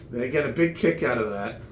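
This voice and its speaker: A man telling comic stories in meandering, halting chat full of restarts. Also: mid-range voice, lively intonation, echoey room, a little hiss or hum. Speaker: comedian. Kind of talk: rambling comedic chat.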